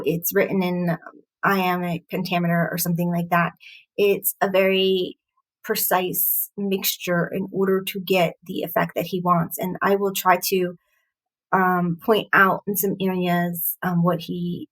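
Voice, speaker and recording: A woman reviewing a poem, explaining its meter in a halting, thoughtful way with frequent pauses and fillers. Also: fairly low pitch, flat delivery, low-quality recording. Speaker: poetry reviewer. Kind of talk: explaining poetry analysis.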